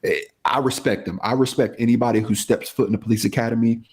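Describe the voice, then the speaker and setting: A man's voice: mid-range voice, fairly even intonation, fast talker. A man co-hosting a casual podcast, speaking emphatically and repeating his points to drive them home. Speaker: podcast co-host and police officer. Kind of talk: casual chat.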